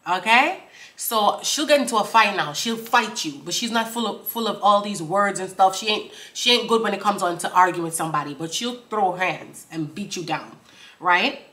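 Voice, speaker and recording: Bright-voiced woman explaining lyrics. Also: medium pitch, lively intonation. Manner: laughs often, reads out lyrics slowly then explains them; talks straight to viewers, asks for comments. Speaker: vlogger breaking down song lyrics. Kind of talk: casual chat.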